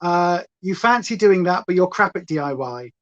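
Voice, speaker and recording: A woman's voice: lowish voice, animated, normal speed. Chatty southern English woman, muffled sound. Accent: southern English, with an Essex twang. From Hampshire, England. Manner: rambling, chatty, talks to viewers and her dog. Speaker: beauty livestream host. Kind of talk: chatty makeup livestream, reading chat aloud. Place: home.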